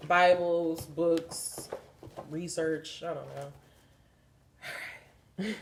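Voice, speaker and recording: A woman's voice: deep voice, steady tone, extremely slow, noisy background. A woman, giving a spiritual card reading in an emphatic, preachy way with lots of swearing. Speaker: tarot reader.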